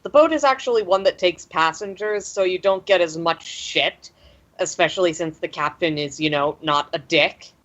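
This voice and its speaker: A woman's voice: on the low side, normal speed, a bit bright. A woman running a tabletop game as game master, laid-back and wry, swearing casually. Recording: dull lo-fi audio.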